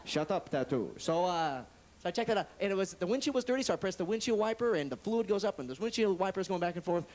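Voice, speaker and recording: A man doing stand-up comedy in a club, telling a story in quick, animated bursts and jumping between voices. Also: high-pitched. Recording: 1980s TV comedy club recording with faint noise.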